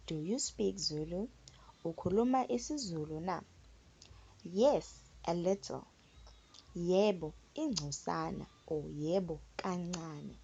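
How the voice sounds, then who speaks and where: A woman teaching phrases patiently in a relaxed spoken lesson, repeating words for learners. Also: fairly low pitch, breathy edge. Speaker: language teacher. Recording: dull lo-fi recording.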